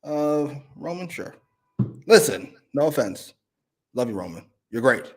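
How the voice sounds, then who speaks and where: A man's voice: mid-range voice, sing-song, unhurried. A man co-hosting a casual wrestling review show, blunt and sarcastic, swearing often. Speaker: co-host.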